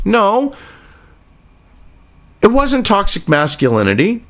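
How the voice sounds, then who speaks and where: A male vlogger delivers indignant, sarcastic commentary peppered with profanity. His voice sits a little high. His pitch swings widely as he argues. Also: wildly swooping pitch, normal speed, pauses often, fairly bright tone. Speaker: political commentator. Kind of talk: ranting commentary.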